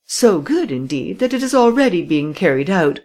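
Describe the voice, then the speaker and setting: A woman reading as a calm police commissary. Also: fairly low pitch, normal speed. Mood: confident.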